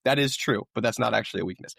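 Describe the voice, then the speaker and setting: A man's voice: fairly low pitch, racing, gravelly, a bit bright, no echo, clean studio sound. A man co-hosting a podcast, in casual, enthusiastic chat full of "like" and "I mean". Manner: enthusiastic, uses many fillers like "I mean" and "like". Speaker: podcast co-host.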